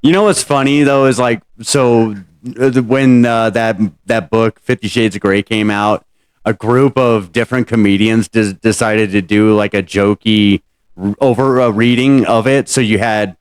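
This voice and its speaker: A man's voice: lowish voice, steady tone, moderate pace, smooth, no echo. A man hosting a casual podcast, telling rambling, profane stories. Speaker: podcast host. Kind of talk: casual late-night podcast chat.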